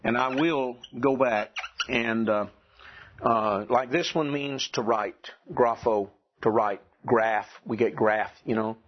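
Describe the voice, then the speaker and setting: Slow, husky male teacher lecturing. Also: medium pitch. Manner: slow, questioning students, clears throat. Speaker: Greek teacher. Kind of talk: classroom lecture. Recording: dull lo-fi classroom recording.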